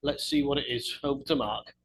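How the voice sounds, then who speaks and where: A man giving a brisk, matter-of-fact introduction as podcast co-host before handing over. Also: mid-range voice, steady tone, poor audio.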